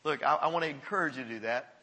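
A man leads a church service as pastor, his voice a touch high and strikingly bright. He preaches in an earnest, encouraging way and laughs often along the way. The sound carries a long reverb from the hall around him. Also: very fast, breathy edge. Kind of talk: sermon. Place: church service before a congregation.

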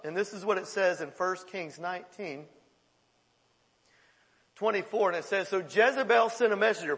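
High, gravelly pastor preaching. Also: male voice, in a large hall. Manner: folksy, animated storytelling with laughs and paraphrase. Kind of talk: sermon. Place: church.

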